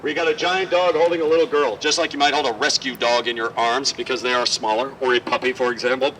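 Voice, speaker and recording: A man leading a walking tour outdoors, telling stories in a lively, joking way. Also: medium pitch, quick pace. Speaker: tour guide. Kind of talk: guided walking tour talk. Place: outdoors on a city street. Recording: distant outdoor mic, faint street noise.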